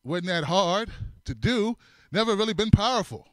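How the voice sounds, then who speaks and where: A man hosting a comedic political commentary show, animated, repeating his phrases and laughing often. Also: high voice, moderate pace, no room sound, studio quality. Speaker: host.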